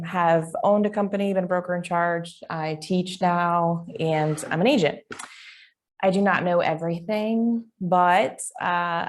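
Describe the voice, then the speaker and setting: Middle-aged lady teaching a class, chatty and rambly, lowish voice. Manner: chatty, informal, tends to ramble off track. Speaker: real estate instructor. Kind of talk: live class lecture. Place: classroom with online attendees.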